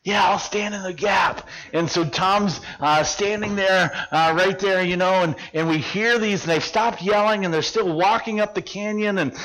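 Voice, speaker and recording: Middle-aged male preacher, high voice, vivid storyteller who acts out the scene. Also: normal speed, hardly any pauses, poor audio. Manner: animated storyteller, acting out dialogue, drops to hushed tones. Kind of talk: sermon with personal story.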